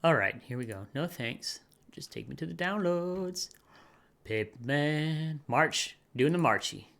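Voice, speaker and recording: Bright-voiced chatty man streaming. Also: fairly high pitch, expressive, a little slow, gravelly. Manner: rambling and chatty, drops to mutters while clicking. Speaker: game streamer. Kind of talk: casual live-stream chat while playing games.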